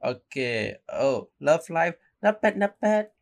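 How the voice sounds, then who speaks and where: A man's voice: on the high side, very animated, slow, creaky, voice pushed up, heavily acted. A man voicing a fussy older male temple fortune teller, with a Chinese-accented English and clipped, repeated pronouncements. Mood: mock-serious.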